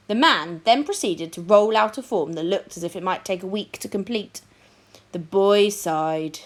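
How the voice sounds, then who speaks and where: A woman reading a children's book aloud with expressive, dramatic storytelling. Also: medium pitch, normal speed.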